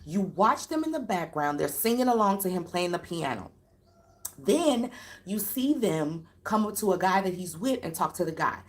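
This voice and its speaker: Woman host, live-stream commentary, emphatic, animated pitch, keeps repeating herself. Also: normal speed. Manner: addresses viewers directly.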